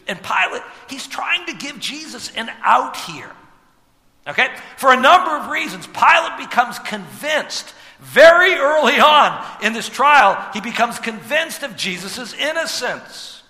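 A man preaching a sermon as pastor, animated, with rhetorical asides and sudden drops to a hush. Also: extremely high pitch, measured pace, big-room sound.

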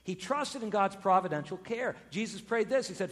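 High-voiced preacher in a reverberant hall. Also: male voice, normal speed. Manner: animated storytelling, swings from loud to hushed. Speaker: pastor. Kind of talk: sermon.

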